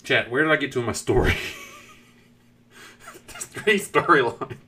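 Chatting slowly on a live game stream, a young South Island man with a thick southern New Zealand accent keeps drifting off to greet viewers and swears casually. His voice is lively, bright and mid-pitched, and the recording has a faint hiss or hum.

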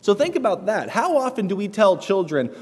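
A man's voice: high voice, sing-song, fairly quick, husky. Man preaching a sermon in a reverberant church. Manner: earnest, warm storytelling with light laughs and fillers. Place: church sanctuary. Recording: long church hall reverb.

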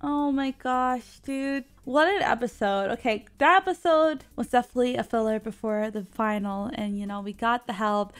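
High, expressive woman reacting to a cartoon. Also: moderate pace, few pauses, clear, resonant tone. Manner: animated, exclaiming, laughing, talks back to the screen. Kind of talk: casual reaction commentary. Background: faint cartoon audio underneath.

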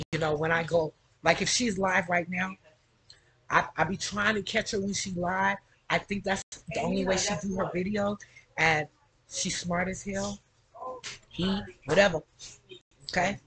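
A woman's voice: fairly low pitch, a little hiss or hum, rough recording. A middle-aged woman chatting casually to her camera at home, rambling and tagging nearly every phrase with "okay?". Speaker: vlogger.

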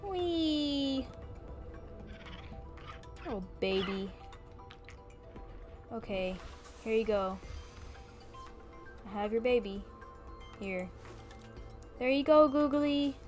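A woman's voice: a little high, animated, extremely slow, pauses often, darkish tone, soft background music. A young woman giving playful, chatty commentary while streaming a video game, often exclaiming and talking to the creatures on screen.

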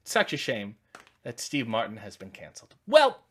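A man's voice: mid-range voice, huge pitch swings, moderate pace. A man in his forties hosting a casual unboxing video, rambling with wry jokes and many asides. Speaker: channel host.

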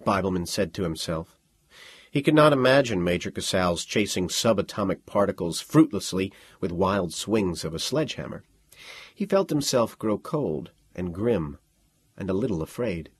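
Husky, expressive male audiobook narrator. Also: fairly low pitch, no room sound. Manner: expressive, lively storytelling. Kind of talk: scripted narration.

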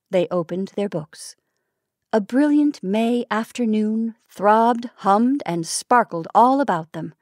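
A woman from the San Francisco Bay Area reading vintage short stories aloud in a measured storytelling manner, lightly voicing the dialogue. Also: mid-range voice, lively intonation, a little mellow, no echo, studio quality. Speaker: narrator.

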